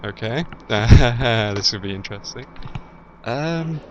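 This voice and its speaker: A man's voice: medium pitch, animated, slow, a little hiss or hum. A young British man with a slight Midlands accent, rambling through a casual video chat with plenty of ums and restarts. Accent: generic British, slight Midlands. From English Midlands. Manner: rambling, hesitant, lots of ums and self-corrections. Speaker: YouTube let's-player. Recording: dull lo-fi voice with faint game music.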